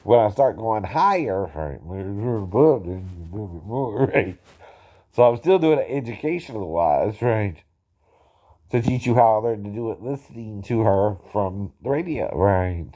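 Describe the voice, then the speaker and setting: A man's voice: on the low side, animated, takes it slowly, dark tone. A man chatting casually about his singing impressions, tagging nearly every phrase with a questioning "right?" and chuckling often in a slightly self-conscious way. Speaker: amateur impersonator explaining singing impressions. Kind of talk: casual talking-head chat.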